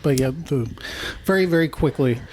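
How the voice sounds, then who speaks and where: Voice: medium pitch, normal speed, darkish tone, slight background noise. A library podcast co-host chatting casually about books and movies, full of trailing "like" fillers. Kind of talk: casual book and movie chat.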